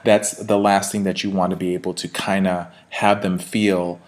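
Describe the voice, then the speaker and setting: A man's voice: sits low, level tone, normal speed, background noise. A man, a sales trainer, giving an instructional talk straight to his viewers in a conversational way, with frequent fillers and tag questions.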